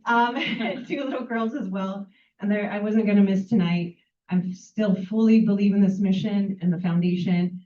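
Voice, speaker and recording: A woman's voice: medium pitch, fairly even intonation, dark tone. Tearful woman in her thirties, echoey and far. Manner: halting, full of fillers and restarts. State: close to tears. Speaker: nonprofit fundraising staff member. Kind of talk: impromptu farewell speech. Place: event room with audience. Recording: echoey, distant, tinny phone-like sound.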